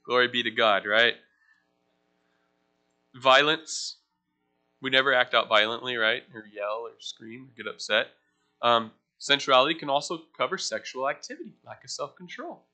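A man's voice: medium pitch, animated, moderate pace, long pauses, bright, forceful tone. A young man as a pastor giving a casual teaching sermon in a church, chatting with the congregation, asking them questions and joking about himself. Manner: conversational, asks the room questions, self-deprecating asides.

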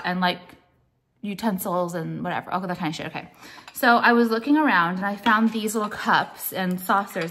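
A woman's voice: medium pitch, background noise. A young American woman showing her purchases in a casual vlog, rambling and filling her talk with "like" and the odd swear word. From United States. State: pregnant. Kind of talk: casual show-and-tell chat.

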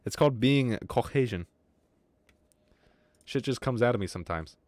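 A man's voice: medium pitch, animated, moderate pace, a little mellow, no echo. Joking, swearing male game streamer. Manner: rambling, joking, swears a lot. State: wheezy breathing from asthma. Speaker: gaming streamer. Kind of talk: casual livestream chat.

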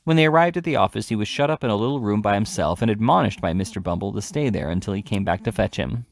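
A man reading a classic novel aloud, steady, with occasional self-corrections. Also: on the low side, fast talker, vocal fry. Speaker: audiobook reader.

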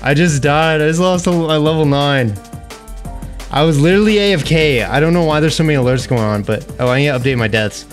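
A man's voice: on the high side, fairly quick. A young man streaming a game live, chatting with viewers, laughing, venting frustration and swearing. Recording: faint music behind.

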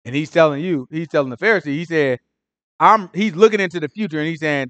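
A Bible teacher leads an informal study, talking casually and fast in a rather high, slightly bright voice with no room sound. He keeps asking "right?" and acts out the Pharisees in street slang.

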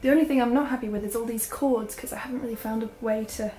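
A young woman vlogger from Australia tours her small apartment at a quick pace, her voice on the high side yet dark in tone and steady. Her accent slips toward British, and she chats casually, giggling and using fillers. Faint music sits beneath the echoey room sound.

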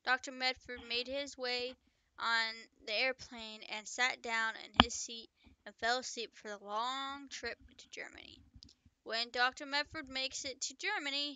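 Bright, chatty woman reading her own story. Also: on the high side, clean tone, dry recording. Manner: chatty, breaks off to joke and comment. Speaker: author reading own book. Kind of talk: casual story reading with asides.

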